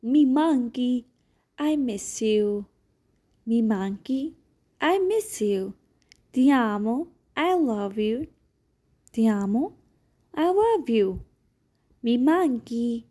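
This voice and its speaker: A woman's voice: fairly high pitch, expressive, slow pace, pauses often, mellow. A woman teaching Italian phrases one by one, repeating each and translating it into English in slightly non-native phrasing. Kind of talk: slow language lesson.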